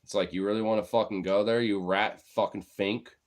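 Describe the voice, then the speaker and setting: A man's voice: lowish voice, fairly even intonation, a little fast. Heated, foul-mouthed man ranting. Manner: heated, profane and rambling. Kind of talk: casual political rant.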